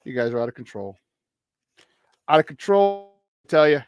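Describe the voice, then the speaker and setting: A man hosting a morning sports talk show, chatty, joking and easily excited about his team. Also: on the high side, moderate pace, muffled recording.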